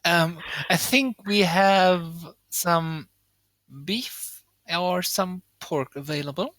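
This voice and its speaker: A man's voice: high-pitched, slow pace, fairly bright tone, no echo, voice pushed up. A man playing a fawning tiefling innkeeper lady. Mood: gracious.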